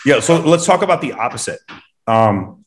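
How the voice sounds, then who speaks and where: Man, blunt and emphatic, profane, casual podcast talk, middle pitch. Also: very animated, moderate pace. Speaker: host.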